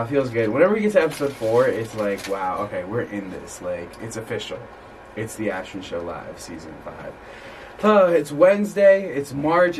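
Young male host, upbeat casual chat, recorded from across the room with faint noise. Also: fairly low pitch. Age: young adult. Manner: upbeat, chatty, trailing off quietly. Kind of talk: casual live show chat. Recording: distant mic with room noise.

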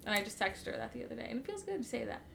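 A woman's voice: fairly high pitch, big pitch swings, rapid-fire, creaky, a bit bright. A woman chatting casually and animatedly, gushing about a friend and swearing freely. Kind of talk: casual chat.

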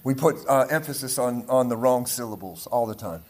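Speaking a little fast in a mid-range voice, this male guest preacher has a Pittsburgh accent from the Pittsburgh area of Pennsylvania. He preaches energetically to a leadership group, repeating words and asking "right?" and "amen?" to check in. Audience responses echo through the room.

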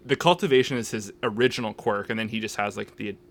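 A man co-hosting a casual podcast, animated and rambling, often acting out lines. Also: on the low side, quick pace. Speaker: podcast co-host. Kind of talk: casual chat.

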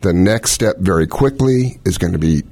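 A man's voice: sits low, expressive, normal speed, a little mellow, dry recording. A middle-aged man, a cardiologist, explaining heart conditions in casual chat with analogies and quoted scenarios. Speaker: cardiologist host.

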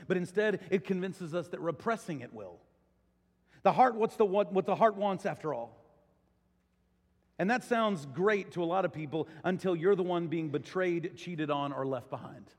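Male preacher, high-pitched voice, chatty sermon in a big church hall with long echo. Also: moderate pace. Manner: conversational preaching, rising to excited storytelling. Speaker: pastor. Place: large church auditorium.

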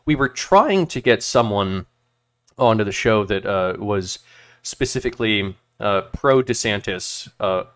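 A man's voice: on the low side, animated, a little slow. A man hosting a casual political podcast, talking hesitantly with constant filler sounds. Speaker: podcast host.

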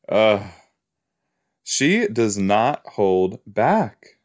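A man hosting a podcast, chatting casually as he reacts to a TV episode, easily amused and quick to gasp and laugh. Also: on the low side, very animated.

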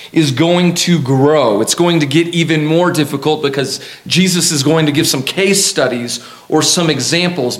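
A man preaching a sermon as a pastor, lively and humorous, with emphatic repetition. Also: a little high. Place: church sanctuary. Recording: echoey church hall.

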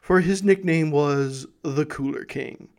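A man's voice: fairly high pitch, slow, vocal fry, a little mellow. A man hosting a history show, telling the story in a casual, enthusiastic way. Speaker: history podcast host.

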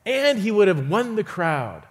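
Speaking through a stage microphone in a church auditorium, a visiting male preacher gives a sermon at a measured pace. His voice is fairly high for a man, and his storytelling is lively, full of acted-out quotes and frequent chuckles.

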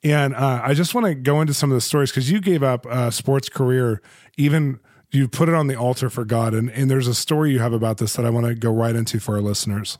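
An enthusiastic American man hosts an interview podcast in a casual, joking tone, laughing often. His voice is mid-pitched and the sound is dry and close, with no room echo. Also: fast talker, a little mellow. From United States. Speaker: podcast host.

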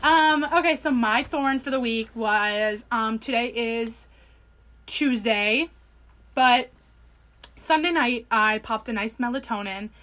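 A young woman with a bright, fairly high voice co-hosts a podcast. She talks in a chatty, wry way and fills her story with plenty of fillers. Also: slow pace. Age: 20s. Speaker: podcast co-host. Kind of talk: casual chat.

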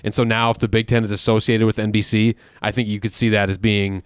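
A man's voice: on the low side, level tone, fast, smooth, dry recording, clean studio sound. A man co-hosting a casual sports podcast, talking in a conversational, opinionated way with frequent fillers. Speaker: podcast co-host.

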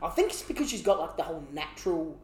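A man's voice: a little high, sing-song, fast, slight background noise. A man co-hosting a podcast, joking crudely in casual banter and laughing often. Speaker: podcast co-host. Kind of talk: casual chat. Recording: roomy echoey room.

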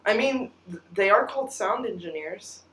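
A woman's voice: mid-range voice, lively intonation, normal speed, fairly bright tone. A young woman co-hosting a podcast, bantering playfully and teasing her friend. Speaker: podcast co-host. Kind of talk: casual chat.

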